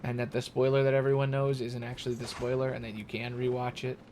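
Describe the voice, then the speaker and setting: A man's voice: mid-range voice, little pitch movement, quick pace, a little mellow. A man streaming a video game, rambling jokily and getting exasperated at a boss he cannot beat. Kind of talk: casual gameplay commentary. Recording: audible background noise.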